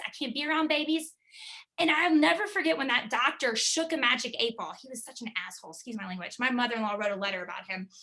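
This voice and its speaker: High bright-voiced woman giving a pep talk. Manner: emphatic, driving, repeats key words. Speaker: team leader giving a motivational talk.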